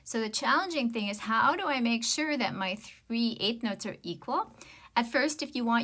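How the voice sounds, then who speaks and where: A woman's voice: medium pitch, normal speed, background noise. A woman music teacher giving an online rhythm lesson, explaining patiently and counting and chanting rhythm syllables aloud.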